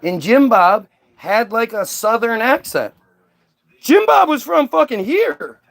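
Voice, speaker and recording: A man's voice: very high-pitched, animated, takes it slowly, gravelly, fairly bright tone. A middle-aged man hosting a podcast in casual chat, talking in a rambling, emphatic way with plenty of swearing. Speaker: podcast host.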